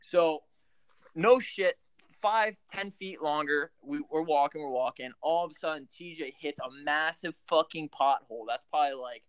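A man's voice: on the high side, moderate pace, clean tone, no room sound. A man from Philadelphia, a hockey coach, telling profane stories in casual chat. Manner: profane, animated storyteller.

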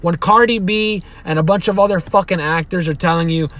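A man's voice: high-pitched, brisk, hardly any pauses, fairly bright tone. A young man hosting a podcast, giving a heated, profane, rambling monologue full of restarts. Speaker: podcast host. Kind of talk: opinionated solo podcast monologue.

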